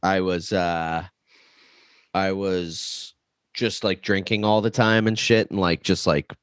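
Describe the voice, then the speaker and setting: A man's voice: sits low, fairly even intonation, slow pace, smooth, dry recording. A young man, a podcast guest, telling a candid, profane story in casual chat.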